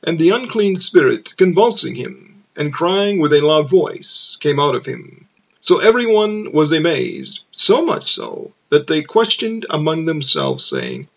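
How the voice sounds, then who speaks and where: A man reading scripture aloud as narration, slow and measured. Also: on the high side, very animated, creaky, lo-fi sound. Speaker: scripture reader.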